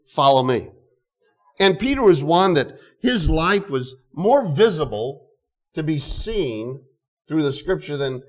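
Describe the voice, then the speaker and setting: An older man preaching an earnest sermon, often repeating words and reading scripture slowly. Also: on the high side. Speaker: pastor.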